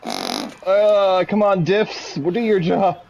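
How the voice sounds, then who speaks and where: A man's voice: high voice, wildly swooping pitch, slow pace, gravelly, noisy background. A man joking and teasing his friends during a casual multiplayer game. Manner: joking, teasing, laughs often. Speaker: gaming friend. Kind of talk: casual multiplayer gameplay chat.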